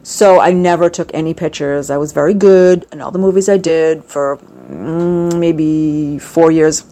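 A middle-aged woman chatting casually, telling an animated story with lots of fillers. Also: low voice, unhurried. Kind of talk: casual chat.

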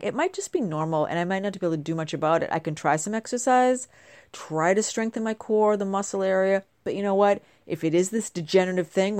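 A woman's voice: fairly low pitch, darkish tone, no echo, clean studio sound. A middle-aged woman chatting casually to camera at home, bubbly and rambling, her voice a little nasal from a congested cold. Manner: bubbly, chatty, wandering asides. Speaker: vlogger.

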